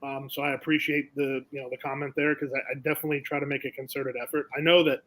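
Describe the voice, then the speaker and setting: Recorded roughly, this fast-talking young man speaks at a medium pitch. He's a racetrack announcer from South Florida, animatedly spinning yarns in a relaxed interview and performing the characters he describes.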